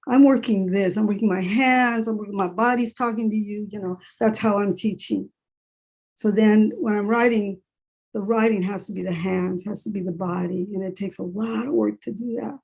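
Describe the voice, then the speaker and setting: A woman's voice: medium pitch, steady tone, moderate pace, vocal fry, a little mellow, husky. A woman who is a writer and English professor, talking candidly in a panel discussion over a video call and repeating phrases for emphasis.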